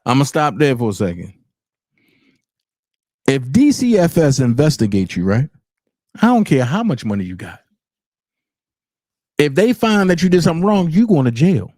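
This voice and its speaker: Male commentary host with a high voice, blunt and profane, dry close-miked sound. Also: very animated, moderate pace, long pauses, warm tone, no echo. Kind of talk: unscripted commentary rant.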